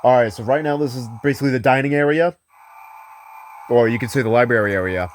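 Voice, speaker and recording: A man's voice: mid-range voice, quick pace, a little hiss or hum. A man narrating a paranormal investigation in a casual, rambling way, correcting himself as he goes. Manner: rambling, loose, self-correcting.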